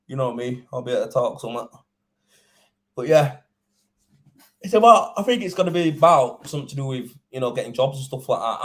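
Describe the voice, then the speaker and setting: A young man, a plasterer, chatting casually and indignantly on a livestream, swearing and rambling. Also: mid-range voice. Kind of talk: casual live-stream chat.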